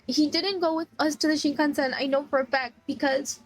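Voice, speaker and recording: A woman's voice: high-pitched, fairly even intonation, brisk, hardly any pauses, faint music behind. A woman streamer chatting casually about a sad trip story, tearful, laughing through tears and full of "like" fillers. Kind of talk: casual chat.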